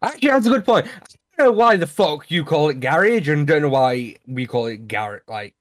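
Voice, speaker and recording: A man's voice: fairly high pitch, expressive, moderate pace. A young man with a British accent, chatting casually over online voice chat, mocking his friend and swearing freely.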